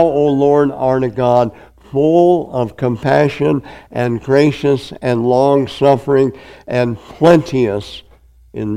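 A male pastor preaching a sermon, reading scripture aloud and pressing each point with emphatic, drawn-out phrasing. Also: medium pitch, gravelly, mellow, clear, resonant tone, poor audio.

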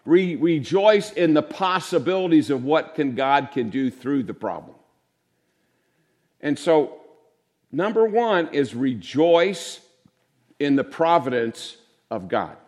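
A man's voice: a little high, sing-song, slow pace, pauses often, a little mellow. An older man preaching a sermon to a congregation in a conversational style, sometimes mimicking voices for effect.

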